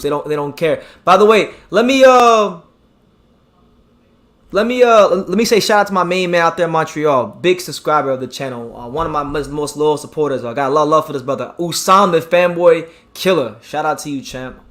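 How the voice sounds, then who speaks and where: A man hosting a live boxing stream, talking excitably, repeating himself and reading out the chat. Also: a little high, brisk. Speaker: boxing channel host.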